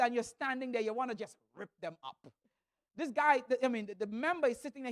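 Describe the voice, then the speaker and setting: Male church speaker, comic sermon storytelling, animated, trips over restarts, dry sound. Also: high voice, no echo. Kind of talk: humorous sermon talk.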